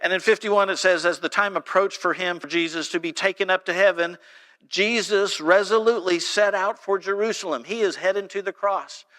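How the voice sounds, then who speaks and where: Man, pastor, high voice, sermon in church, animated storytelling. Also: fairly quick. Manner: animated storytelling preacher, reading scripture aloud. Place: church sanctuary.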